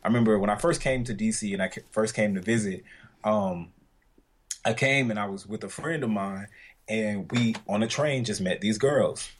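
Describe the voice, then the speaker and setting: A man's voice: lowish voice, normal speed, slightly rough. A man with a Southern US accent co-hosting a podcast, telling stories in a loose, rambling chat with many fillers. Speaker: podcast co-host. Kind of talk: casual chat.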